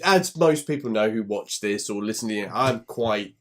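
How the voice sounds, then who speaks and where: A man's voice: lowish voice, expressive, moderate pace. A man co-hosting a casual podcast chat, sweary and self-deprecating, grumbling about money and the month. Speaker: podcast co-host.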